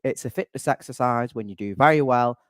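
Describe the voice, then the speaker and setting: A young man hosts a casual fan podcast, chatting in a loose, wry way and wandering off into asides. His pitch sits in the middle range. The voice is close and dry, with no room echo. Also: brisk, fairly bright tone. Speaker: channel admin and host.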